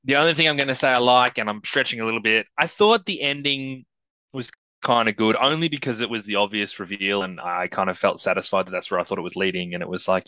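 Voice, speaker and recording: Man, podcast co-host, bright forceful voice, dry dull lo-fi sound. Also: on the low side, quick pace, no room sound. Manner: animated, acts out quoted dialogue. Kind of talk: casual film discussion.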